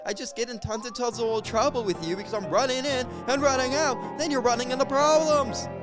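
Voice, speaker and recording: A man's voice: very high-pitched, brisk, music in the background. A young man improvising a stand-up story, jumping between voices for each character. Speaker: stand-up comedian.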